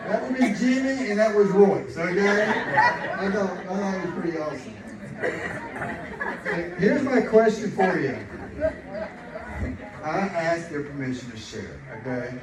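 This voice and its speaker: A middle-aged man preaching a sermon, chatty and animated, telling family stories and laughing along. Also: high voice, a little slow, pauses often, crowd noise. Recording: echoey room, distant mic, noisy.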